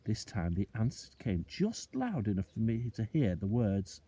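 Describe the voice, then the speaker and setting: A male teacher reading a children's book aloud, expressive and slowing down for suspense. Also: lowish voice, breathy edge.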